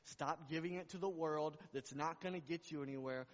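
A man's voice: on the high side, steady tone, normal speed, hardly any pauses. A man preaching a sermon as pastor, repeating words and building to fervent climaxes. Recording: long reverb, dull lo-fi sound.

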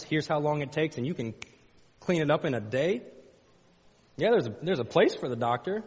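Husky preacher man, folksy, repeats himself, gets fired up, dull lo-fi sound. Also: medium pitch. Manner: folksy, repeats phrases, rises to fervent pleading. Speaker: pastor. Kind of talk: sermon. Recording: dull lo-fi sound with long hall reverb.

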